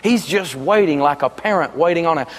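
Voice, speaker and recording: A man's voice: on the high side, animated, fairly quick, in a large hall. A man giving a live seminar talk, telling jokey stories in a folksy, emphatic way. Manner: joking storyteller, folksy and emphatic. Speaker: money speaker and radio host.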